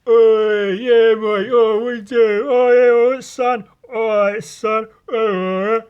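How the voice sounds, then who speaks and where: A man putting on a loud, drunk, aggressive young lad with a shouty, jeering, sweary manner. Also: high voice, fairly even intonation, takes it slowly, smooth, muffled recording, voice pushed up.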